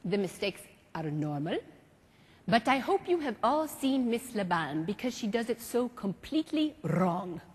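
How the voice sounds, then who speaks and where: A woman impersonating an older male French mime master with a French accent, instructing a student slowly and precisely, heard in a large reverberant hall. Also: medium pitch, sing-song, slightly rough. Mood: instructive. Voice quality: slow, precise, accented delivery with French words.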